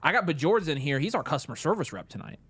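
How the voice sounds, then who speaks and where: A man's voice: a little high, very animated, quick pace, fairly bright tone, husky, no room sound. A man co-hosting a casual livestream, reading chat, thanking viewers and joking between topics. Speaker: livestream co-host.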